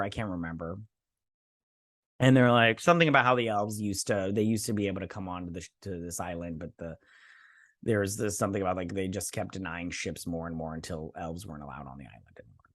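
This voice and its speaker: A man's voice: lowish voice, expressive, brisk, fairly bright tone, no echo, clean studio sound. A man hosting a casual episode review, rambling and sarcastic, acting out the characters' lines as he recaps. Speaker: host.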